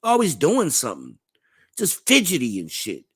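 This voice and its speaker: A man's voice: fairly high pitch, huge pitch swings, normal speed, slightly rough, no room sound, clean studio sound. A man in his forties telling blunt, profane stories in a laid-back, casual vlog monologue. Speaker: vlogger.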